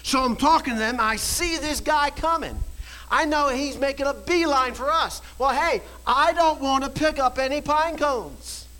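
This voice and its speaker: A man preaching a sermon, telling a story and swinging from quiet storytelling to shouted exhortation. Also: very high voice, normal speed, poor audio. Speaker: pastor.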